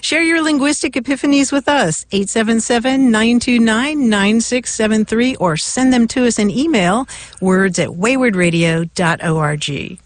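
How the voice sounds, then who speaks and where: A woman's voice: on the high side, measured pace, no echo. A woman co-hosting a call-in radio show in a friendly, upbeat way, reading the contact details and greeting callers.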